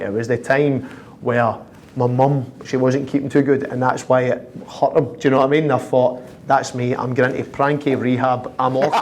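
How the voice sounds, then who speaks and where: A man's voice: medium pitch, slight background noise. Chuckling Glaswegian man telling stories. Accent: Scottish (Glasgow). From Scotland. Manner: lively, chuckling, acts out others' lines in quick quoted voices. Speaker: professional footballer, guest. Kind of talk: anecdotal storytelling in an interview. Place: office high in a city tower.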